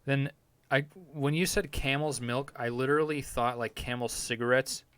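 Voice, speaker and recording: A man's voice: mid-range voice, steady tone, normal speed, fairly bright tone, clear, resonant tone. A man hosting a podcast, rambling crudely and laughing at his own jokes in a casual comedic rant. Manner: rambling, profane, self-amused. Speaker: podcast host.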